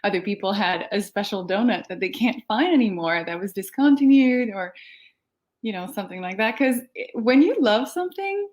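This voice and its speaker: A woman's voice: medium pitch, lively intonation, normal speed, darkish tone. A woman with a French accent, a filmmaker guest chatting casually and laughing often between her answers. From France. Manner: giggly, frequent laughter and fillers. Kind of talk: casual interview chat.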